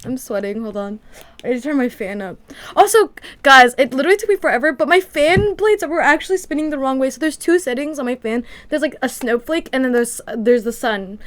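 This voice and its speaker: A woman's voice: high voice, lively intonation, a little fast. A woman streaming from her room at home, chatting casually to her viewers in a rambling way full of "like" fillers. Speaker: livestreamer. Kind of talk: casual livestream chat.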